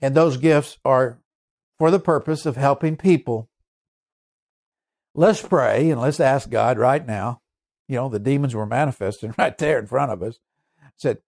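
A male preacher telling a testimony in a sermon, earnest and emphatic, slowing down to stress key points. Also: mid-range voice, darkish tone. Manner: earnest, emphatic storyteller with shifting pace.

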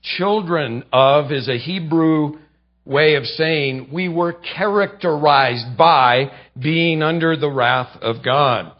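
Emphatic preacher with a dull lo-fi sound. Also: male voice, on the high side, takes it slowly. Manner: emphatic preaching, swinging from loud to quiet. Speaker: pastor. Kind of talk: sermon.

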